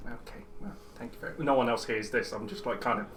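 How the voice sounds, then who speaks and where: A man's voice: medium pitch, fast, a bit bright. Playful man player on a noisy line. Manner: giggly, playful. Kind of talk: tabletop role-play.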